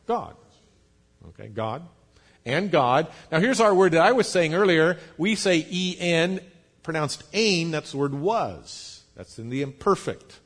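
A pastor preaching a sermon, explaining patiently, spelling out words, with light jokes for the congregation. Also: male voice, a little high, sing-song, measured pace. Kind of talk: sermon teaching.

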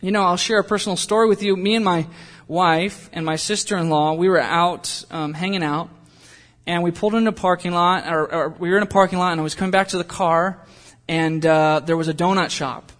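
A young man gives a sermon in a loose, conversational way, drifting into jokes and stories from home. His voice sits high for a man. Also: fairly even intonation, fairly quick, a bit bright. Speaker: pastor.

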